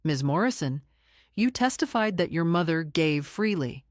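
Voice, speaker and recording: A woman voicing a female attorney cross-examining a witness, calm, precise and relentless. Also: on the low side, normal speed, no echo, clean studio sound, natural voice. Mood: cold.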